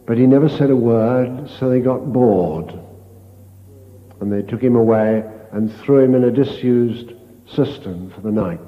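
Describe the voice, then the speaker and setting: An older man, a priest, giving a retreat meditation as a slow, storytelling sermon with hushed quoted lines. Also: medium pitch. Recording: dull lo-fi tape in a reverberant hall.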